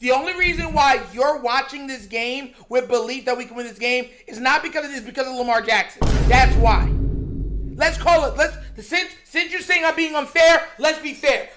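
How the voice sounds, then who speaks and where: A sports show host in an animated, exasperated rant, slangy and mocking, laughing between points. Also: high voice. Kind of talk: heated sports talk rant.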